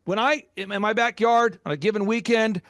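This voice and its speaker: A middle-aged man, a business coach guest, telling stories with passion and sometimes getting loud. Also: high-pitched, fairly even intonation, no room sound, studio quality. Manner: passionate, loud at times, rapid storytelling. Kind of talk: energetic storytelling interview.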